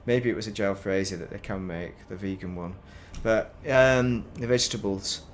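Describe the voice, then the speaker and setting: A man's voice: on the low side, moderate pace, slight background noise. A man casually commentating while he plays a space game, rambling and breaking off mid-sentence. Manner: rambling, self-interrupting, chatty. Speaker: game streamer.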